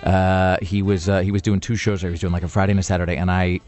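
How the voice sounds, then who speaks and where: A man hosting a radio show tells a loose, meandering story in the studio, talking at a rapid clip. His voice sits a little low, and he keeps restarting his sentences and filling gaps with "you know." Faint music plays behind him. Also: flat delivery, a little mellow. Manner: rambling with many restarts and fillers. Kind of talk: casual storytelling on air.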